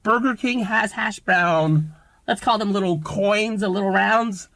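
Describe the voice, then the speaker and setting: A grumpy food reviewer gripes his way through a fast-food review clip played on a stream. His voice is bright and sharp, and his delivery is steady and complaining. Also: mid-range voice, dry recording, poor audio.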